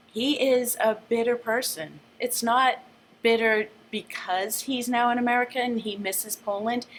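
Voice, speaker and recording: A woman teacher reading a book aloud with a lively, shifting delivery, then summing it up casually. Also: mid-range voice, a little hiss or hum.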